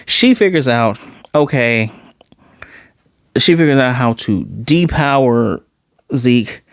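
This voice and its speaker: A man's voice: medium pitch, lively intonation, slow pace, vocal fry, no echo, clean studio sound. A man casually recapping and reviewing a TV episode, slangy and profane, acting out the characters' lines as he retells scenes. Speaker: TV series reviewer.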